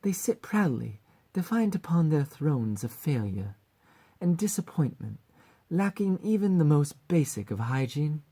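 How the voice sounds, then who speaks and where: A woman voicing a bright, theatrical succubus mascot in an attempted British accent, reading audition lines. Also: deep voice, big pitch swings, unhurried, breathy edge, pitched above the performer's own voice, full character voice. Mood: mock-grand. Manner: grandiose mock-formal rant, coy teasing. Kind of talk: voice acting audition read.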